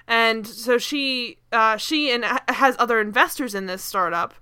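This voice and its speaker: Bright, crisp-voiced woman recapping TV. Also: on the high side, measured pace. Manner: rambling, many fillers and asides. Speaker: podcast host. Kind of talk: casual TV recap chat.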